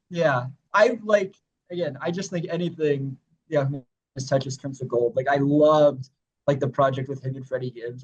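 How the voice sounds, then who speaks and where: A man's voice: mid-range voice, moderate pace, a little mellow, muffled recording. A young man co-hosting a podcast, laid-back and chatty, laughing often and saying 'like' a lot. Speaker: podcast co-host. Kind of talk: casual music review chat.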